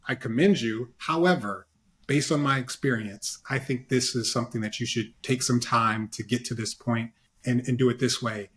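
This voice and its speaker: This is a man of middle pitch, talking as a panelist in an easygoing online discussion. He gives earnest advice, circling back with fillers and tag questions. He is heard through a video call. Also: moderate pace, fairly bright tone.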